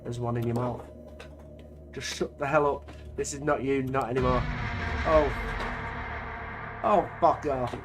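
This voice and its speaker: A man's voice: medium pitch, steady tone, unhurried, pauses often, music in the background. A man reading an interactive story aloud and breaking off for sweary, mocking asides. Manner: sweary, mocking asides between narrated lines.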